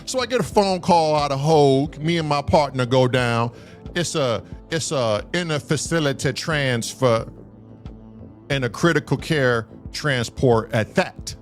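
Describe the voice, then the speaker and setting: A man from Southern California telling a long story on a live show, animated and profane, acting out the dialogue. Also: medium pitch, a little slow, soft background music.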